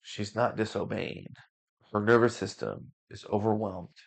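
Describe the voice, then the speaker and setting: A man voicing a wise ancient male sage who sips tea, speaking slowly, softly and in a measured way, in a spoken story. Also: lowish voice, steady tone, creaky. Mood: calm, measured.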